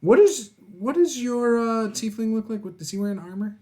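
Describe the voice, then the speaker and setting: A man running a tabletop game as dungeon master, guiding players around the map in a relaxed way. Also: sits high, moderate pace. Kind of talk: running a tabletop game over a video call.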